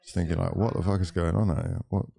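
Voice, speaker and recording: A man's voice: low-pitched, very animated, fast, vocal fry, warm tone. A young man streaming a live football watchalong, ranting, swearing and bantering with his viewers. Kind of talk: live watchalong commentary and chat.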